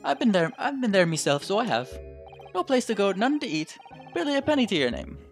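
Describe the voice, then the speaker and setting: A man's voice: high-pitched, sing-song, fast talker, soft background music. A man voicing a boastful, wealthy Irish defendant with a clumsy put-on Irish accent. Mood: jovial. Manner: jovial, blustering, loud.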